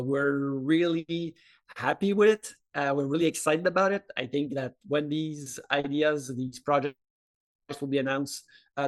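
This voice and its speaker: French Canadian man, halting answers. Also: a little high. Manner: hesitant, many filler uhs and restarts. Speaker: game studio representative. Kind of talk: video call interview answers.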